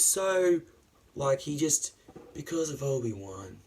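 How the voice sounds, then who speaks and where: A man's voice: mid-range voice, expressive, a little slow, darkish tone. A man reviewing a series in a casual, enthusiastic, rambling way, swearing often and using many fillers.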